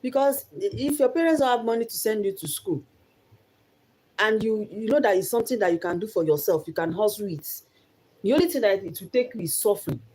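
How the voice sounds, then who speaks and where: A woman's voice: mid-range voice, animated, a little fast, darkish tone, slightly rough. A young Nigerian woman giving an earnest motivational talk about her life, repeating phrases for emphasis. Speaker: vlogger.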